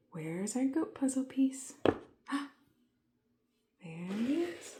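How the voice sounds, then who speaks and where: A woman giving a calm, gentle lesson to small children, speaking softly and often half-whispering, and playfully imitating animal sounds. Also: a little high, slow pace, vocal fry, pauses often. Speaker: children's educator.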